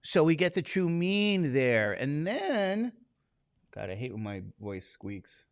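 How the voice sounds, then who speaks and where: A man teaching a statistics class in a casual, conversational way. He keeps throwing questions at the room to draw the students in. His voice sits at an ordinary middle pitch, and the recording is close and dry. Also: sing-song, unhurried, clear, resonant tone, no echo. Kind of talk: classroom lecture.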